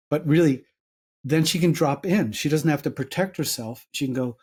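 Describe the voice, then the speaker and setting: An older New York man with a matching accent, a psychologist and author, speaks in reflective interview talk, acting out small dialogues in changing voices. His voice sits on the high side with a darkish, breathy edge, and he moves at a moderate pace.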